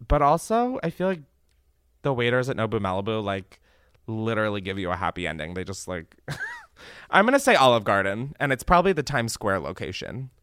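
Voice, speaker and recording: A young man hosting a comedy podcast, reading reviews aloud with sarcastic, swearing commentary. His pitch leaps around constantly, and his tone is bright and sharp. The sound is dry and close. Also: brisk, clean tone, no echo. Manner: animated, sarcastic, swearing, laughing often. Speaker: podcast host.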